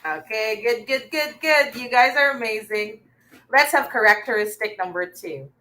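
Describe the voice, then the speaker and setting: A woman's voice: fairly high pitch, normal speed, noisy background. A young Filipino woman teaching an online reading lesson, coaxing and praising her students as she goes. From Philippines.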